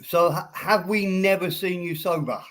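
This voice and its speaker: A man's voice: high voice, measured pace, a bit bright. A man hosting a livestream in casual chat, rambling and laughing often as he addresses viewers by name. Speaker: livestream host.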